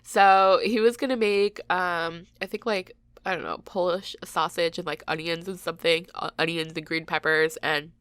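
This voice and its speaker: A woman's voice: lowish voice, steady tone, moderate pace, a bit bright, clean tone, dry recording. A woman in her thirties with a congested, stuffy nose, chatting casually and laughing at herself while telling a story over gameplay. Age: 30s. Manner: chatty and self-deprecating, laughs often. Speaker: gaming channel host.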